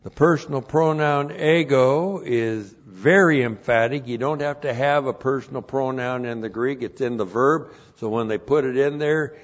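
A man's voice: medium pitch, normal speed, few pauses. A man teaching the Bible verse by verse, working through numbered points and repeating each one twice. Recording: dull lo-fi recording.

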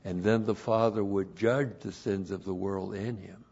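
A man preaching an expository sermon, emphatic, rising loud on key phrases and slowing down to stress single words. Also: fairly low pitch, steady tone, creaky, breathy edge, muffled recording. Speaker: pastor.

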